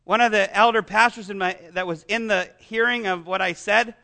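A man's voice: sits high, fairly even intonation, normal speed, bright, forceful tone. A man preaching a sermon as pastor, asking the congregation rhetorical questions and making self-deprecating asides.

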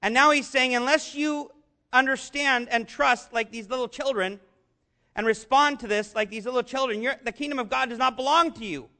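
A man preaching a sermon, earnest and conversational, rising to shouts on key lines. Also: very high voice, moderate pace. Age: adult, father of young children. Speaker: pastor.

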